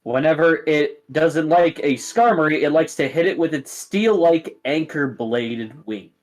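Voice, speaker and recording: A man's voice: a little high, measured pace. Rambling man running a tabletop game. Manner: rambling, filler-heavy. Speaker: game master.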